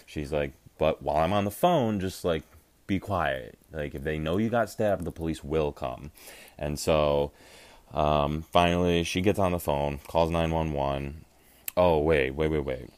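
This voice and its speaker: A young man and podcast co-host telling a wild party story in casual chat, animated, acting out quotes with lots of fillers and swearing. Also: extremely low pitch, unhurried, dry recording.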